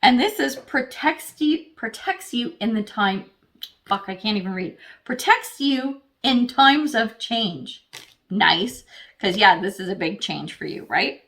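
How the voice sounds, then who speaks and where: A woman's voice: mid-range voice, big pitch swings, measured pace, a bit bright. A woman giving a casual tarot reading, who talks straight to the viewer, thinks aloud as she pulls cards and swears freely. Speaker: tarot reader.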